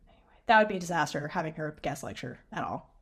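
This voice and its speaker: A woman co-hosting a casual recap podcast, animated and laughing often as she acts out characters' lines. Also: low voice, fast. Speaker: podcast co-host.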